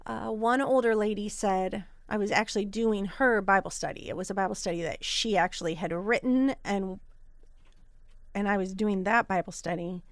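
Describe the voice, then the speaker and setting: Woman, thirties, podcast host, personal storytelling, earnest, animated, mid pitch, dry close sound. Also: normal speed, dry recording.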